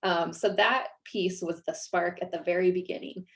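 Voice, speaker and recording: A woman from Iowa, an author talking casually about her writing, self-deprecating and quick to laugh. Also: lowish voice, steady tone. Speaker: author guest. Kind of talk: casual interview chat.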